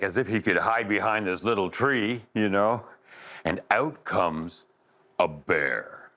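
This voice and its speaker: Male storyteller for a kids' event, lowish gravelly voice, big swings in pitch, playful sound effects. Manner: expressive, sound effects and asides to listeners. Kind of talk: oral storytelling for children. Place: live event space.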